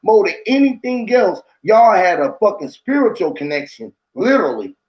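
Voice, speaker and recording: High-pitched dude rambling thru a story, loud slangy chat, does all the voices. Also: male voice, big pitch swings, normal speed, muffled recording.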